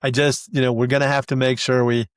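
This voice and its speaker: An excitable male sports commentator calling the play blow by blow, as a man puts him on for a comic sketch. He drops to a hush, then his voice climbs as the moment builds. The sound is close and dry. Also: mid-range voice, fast talker, clean tone, no room sound, lightly acted. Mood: wrap-up.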